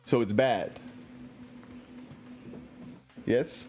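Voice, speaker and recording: A man's voice: medium pitch, extremely slow, darkish tone, slight background noise. A man giving casual, joking commentary while streaming a story game and reading chat aloud, into a computer mic at home.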